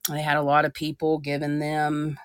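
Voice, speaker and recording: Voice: medium pitch, completely flat delivery, normal speed, smooth, no echo. Earnest podcast host, dry close sound. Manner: earnest, explaining with frequent restarts. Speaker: podcast co-host and spiritual practitioner. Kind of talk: casual podcast discussion.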